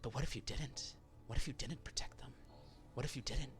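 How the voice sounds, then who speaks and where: A man's voice: mid-range voice, a little fast, lightly acted. A man in whispered role-play, voicing a sly voice that hisses praise and doubt inside a warrior's head. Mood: taunting. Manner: taunting, coaxing hush.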